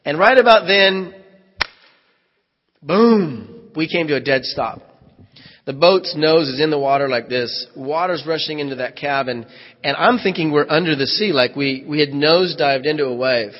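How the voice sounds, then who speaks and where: A man's voice: on the high side, normal speed. A man, a pastor, telling a vivid first-person story in a sermon and acting out the dialogue. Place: church hall. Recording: echoey hall, dull lo-fi sound.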